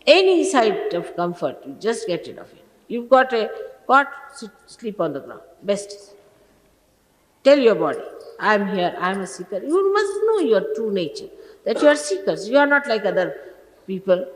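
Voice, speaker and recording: In an old archival recording with long reverb and faint hiss, a woman who is a spiritual teacher delivers an admonishing sermon to her followers. Her voice is slightly high and sing-song at a normal speed, and she sounds scolding and emphatic.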